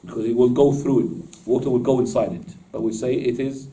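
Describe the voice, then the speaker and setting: A man's voice: medium pitch, fairly even intonation, a little fast, warm tone, far from the mic, low-quality recording. A man teaching Islamic law to a class in casual, informal speech, often asking his students questions and laughing at his own jokes. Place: mosque classroom.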